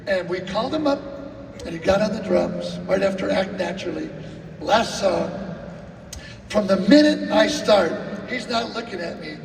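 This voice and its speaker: Man, live storytelling, very high voice, gravelly, distant mic, long hall echo. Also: normal speed, slight background noise. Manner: animated, acts out quotes and sings drum cues. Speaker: drummer telling stories at a clinic. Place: live event venue. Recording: roomy hall, distant mic, faint music.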